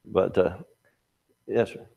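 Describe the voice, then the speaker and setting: A man's voice: slow, dark tone. An older man teaching a Sunday morning Bible class in a folksy, conversational way. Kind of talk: Sunday school lesson.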